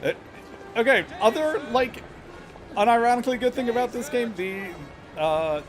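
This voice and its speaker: A man's voice: very high voice, lively intonation, normal speed, over music. Sarcastic man streaming a game. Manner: sarcastic, laughing, swearing. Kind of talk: critical live gameplay commentary.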